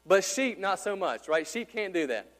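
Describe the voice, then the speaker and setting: A man's voice: big pitch swings, normal speed, a bit bright. A male pastor preaching a sermon in a church, talking conversationally and asking his congregation questions. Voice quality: deep. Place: church sanctuary. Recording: hall reverb with mains hum.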